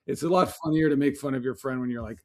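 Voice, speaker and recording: A man co-hosting a podcast, telling stories in an animated, easily amused casual chat. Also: medium pitch, fast. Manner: animated storyteller, laughs easily. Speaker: podcast co-host.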